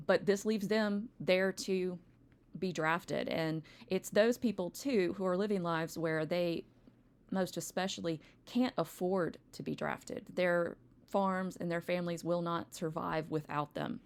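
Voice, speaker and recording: A woman's voice: on the low side, steady tone, measured pace. A woman teacher giving a recorded history lecture, rambling with wry asides and frequent ums. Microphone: home recording, textbook open nearby.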